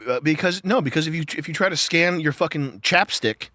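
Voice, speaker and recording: A man's voice: fairly high pitch, fairly quick, bright, forceful tone, no room sound. A man in a casual podcast chat, ranting with profane disbelief into a close mic. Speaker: show co-host.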